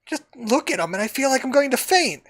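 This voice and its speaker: Brief: man voicing frightened young woman, shrill and pleading, high and swooping. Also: very animated, brisk, a bit bright, full character voice. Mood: terrified. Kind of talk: reading game dialogue aloud.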